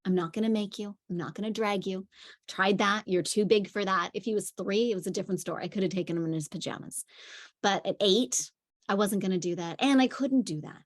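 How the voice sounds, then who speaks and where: Her mid-range voice moves fairly quickly as she coaches parents in a conversational talk. She tells stories in a chatty way, with fillers throughout.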